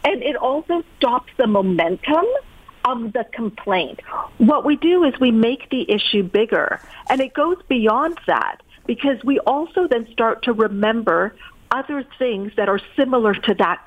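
A woman's voice: a little high, dry recording. A woman speaking as a guest coach in an interview, explaining in a direct, emphatic coaching manner. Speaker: guest, peak performance coach. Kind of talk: interview answers. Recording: tinny, dry phone line.

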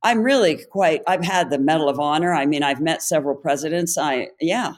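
A woman voicing a boastful talking male dog in a joke, telling his life story calmly and deadpan. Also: low-pitched, a little fast, lightly acted. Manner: calm bragging, deadpan.

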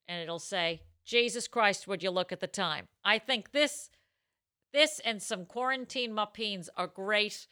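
Giggly bright-voiced woman podcast host. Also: mid-range voice, no room sound, clean studio sound. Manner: giggly, reads listener comments aloud. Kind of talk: casual live podcast chat. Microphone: podcast mic.

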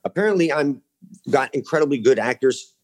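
A man's voice: mid-range voice, expressive, fast talker. A man speaking as a podcast guest in casual chat, earnest and rambling, with frequent restarts, in a studio.

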